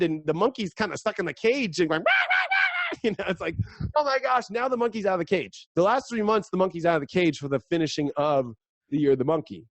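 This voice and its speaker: A man speaking as a guest astrologer in a casual podcast chat, energetic and rambling, now and then slipping into playful voices. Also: a little high, dry recording.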